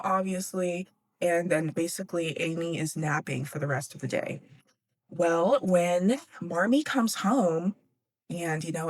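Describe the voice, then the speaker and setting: Young woman, chatty book recap, lowish voice, dry close sound, swears a lot. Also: no echo. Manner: chatty, profane, laughs often. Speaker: podcast host.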